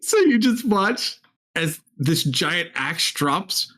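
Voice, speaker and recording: A man narrating a tabletop game as game master, relaxed and laughing often. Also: fairly high pitch, takes it slowly.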